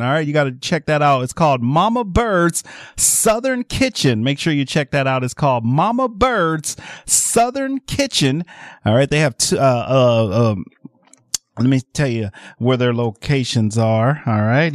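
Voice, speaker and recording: A man hosting a live radio shopping show, pitching deals in a rambling, salesy way. His pitch swings widely, and the sound is dry and close on a studio mic. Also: no echo. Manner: repeats "all right" constantly, rambling salesy. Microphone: studio microphone.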